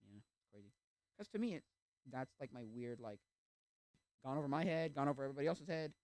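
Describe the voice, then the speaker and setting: A man's voice: medium pitch, fairly quick, darkish tone, no room sound. A young adult man chatting casually on a livestream, rambling through tangents with lots of fillers. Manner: rambling, full of fillers and tangents, acts out quoted voices. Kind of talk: casual chat.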